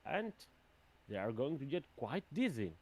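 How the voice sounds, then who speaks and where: A man running a tabletop game as game master, thinking aloud in a plain, even way. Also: medium pitch, normal speed, a little hiss or hum.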